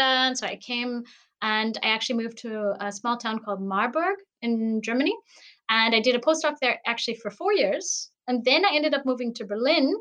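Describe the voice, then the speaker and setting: A Canadian woman scientist talking as a guest in an interview, animated and often laughing. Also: on the high side. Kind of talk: conversational interview. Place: at home in Berlin, remote call.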